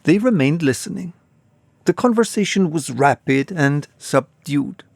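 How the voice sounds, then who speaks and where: A man reading a classic novel aloud, unabridged, with slow, expressive storytelling. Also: on the high side, gravelly, no echo, clean studio sound. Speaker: audiobook reader.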